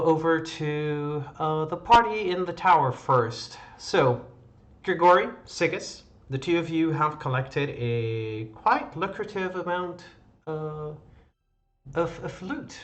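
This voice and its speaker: A man narrating as game master of an online tabletop game, pausing often with fillers. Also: fairly high pitch. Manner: halting, many fillers. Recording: slightly dull audio with faint music.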